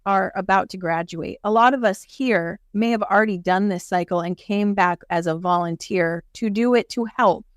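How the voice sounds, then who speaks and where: Woman explaining spiritual stuff in a chat, dry close sound, mid pitch. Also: normal speed, few pauses, no echo. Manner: earnest, explanatory, acts out quoted voices. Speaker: guest, spiritual teacher. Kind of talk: casual interview chat.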